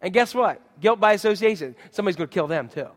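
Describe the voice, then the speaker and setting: A man with a high-pitched voice preaches a sermon in an animated way, throwing questions at the congregation and acting out what people say. His voice rings with the long reverb of a big hall. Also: fast. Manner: animated, acts out quotes and asks the congregation questions. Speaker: pastor.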